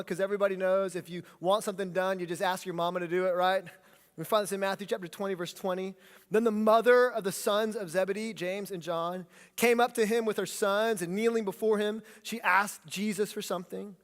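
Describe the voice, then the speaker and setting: Man, pastor, sermon, high voice, animated preaching, long reverb. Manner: animated preaching, leads congregation in call-and-response. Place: church sanctuary.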